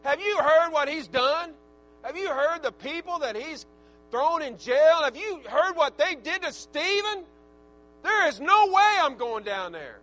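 A man's voice: very high voice, a little slow, pitched above the performer's own voice, exaggerated voice. A man voicing a reluctant, fearful male disciple who pleads and protests. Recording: steady mains hum.

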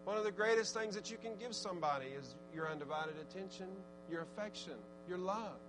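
A man preaching a sermon, swinging from fervent exhortation to low, conversational asides. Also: fairly quick, music in the background, rough recording. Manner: rising to fervent shouted exhortation, then dropping low and conversational.

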